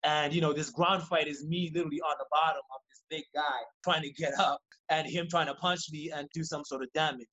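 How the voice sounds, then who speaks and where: Man, podcast guest, casual storytelling, rapid-fire delivery, slightly high voice, swears freely. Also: dull audio. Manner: rapid, animated, profane, acts out quoted lines.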